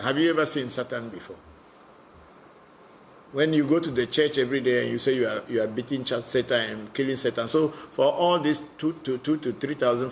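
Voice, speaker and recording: A man's voice: medium pitch, creaky, slight background noise. A man, a spiritual teacher, answering viewer questions in a live online session, talking bluntly and often repeating words as he goes.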